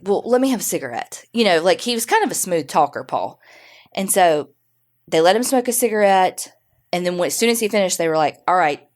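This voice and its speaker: A woman with a somewhat low voice tells a true-crime story to her co-host. She talks casually, with plenty of fillers and swearing thrown in. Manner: chatty, swears freely, lots of fillers. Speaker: podcast co-host.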